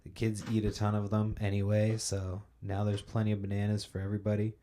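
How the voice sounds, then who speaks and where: A man's voice: lowish voice, completely flat delivery, fairly quick, warm tone, a little hiss or hum. A young man hosting a podcast, ranting in a casual, profane, rambling monologue and sounding a little sleepy. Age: young adult. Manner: profane, ranting, loose storytelling. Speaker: podcast host.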